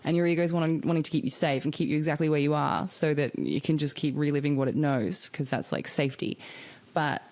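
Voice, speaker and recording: Low-voiced woman chatting candidly. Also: fast, a little mellow. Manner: chatty and candid, swearing freely, many fillers. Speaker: podcast host. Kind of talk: casual spiritual podcast monologue.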